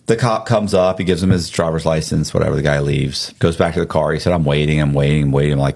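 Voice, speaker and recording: A man telling a story in a casual, animated way, acting out the quotes with big jumps in his voice. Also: rumbling low, fast, creaky, few pauses.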